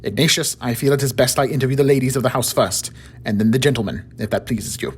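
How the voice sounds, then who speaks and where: Guy doing a cool, clever victorian detective, husky and measured, storybook reading. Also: medium pitch. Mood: cordial. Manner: cordial and measured. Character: clever Victorian detective, calm, mischievous man.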